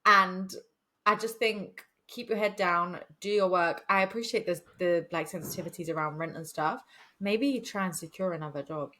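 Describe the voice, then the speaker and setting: A young woman co-hosting a casual podcast chat, slangy and quick to laugh. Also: lowish voice, sharp tone. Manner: chatty, slangy, laughs often. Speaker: podcast co-host.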